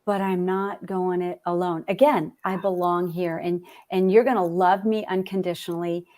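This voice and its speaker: A woman's voice: fairly low pitch, flat delivery, moderate pace, darkish tone. A woman author speaking in an interview, reflective and repeating phrases for emphasis. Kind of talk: conversational interview.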